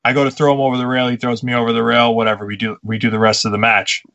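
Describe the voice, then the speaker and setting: A young man with a bright, forceful voice, chatting on a casual podcast. He tells lively backstage stories about his matches and curses freely. His tone stays crisp and energetic. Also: medium pitch, rapid-fire, dull audio. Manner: animated storyteller, swears casually. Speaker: podcast co-host, pro wrestler.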